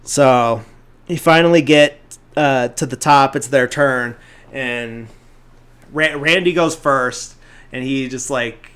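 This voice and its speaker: A man's voice: mid-range voice, takes it slowly, fairly bright tone, clean tone. A man hosting a podcast, casually retelling a movie plot in a rambling way, full of fillers like "like" and "um". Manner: briefly acts out characters' lines in the retelling. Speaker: podcast host.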